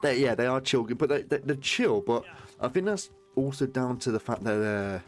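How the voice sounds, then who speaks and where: A man's voice: medium pitch, animated, moderate pace. A man chatting while he streams a game, rambling from topic to topic and swearing freely. His voice sits mid-range on a desk mic at home, with faint game music underneath. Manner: rambling, sweary, laughs easily. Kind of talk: casual live-stream chat.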